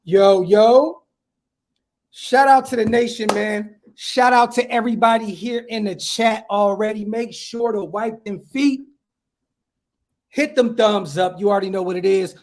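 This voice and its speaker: A man hosting a casual livestream podcast outdoors at home, talking in hyped slang and giving shout-outs to viewers. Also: sits high, measured pace. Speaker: podcast host.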